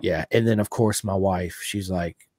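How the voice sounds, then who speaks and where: A man's voice: sits low, fairly even intonation, unhurried, a little mellow, dry recording, clean studio sound. A middle-aged man hosting a podcast, chatting in a rambling, enthusiastic fan's way. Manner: enthusiastic, rambling fan talk. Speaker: podcast host. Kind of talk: casual interview chat.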